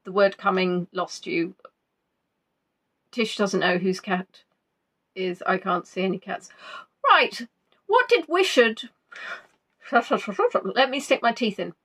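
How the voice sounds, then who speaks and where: A woman's voice: mid-range voice, lively intonation, slow pace, pauses often, fairly bright tone. A woman hosting a casual quiz stream, chatty and playful as she reads out viewers' answers. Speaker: quiz host.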